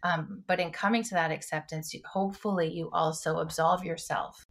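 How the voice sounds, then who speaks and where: A woman's voice: lowish voice, steady tone, fairly quick. A woman co-hosting a podcast as a clinician, chatting casually and retelling scenes with emotion. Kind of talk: casual chat.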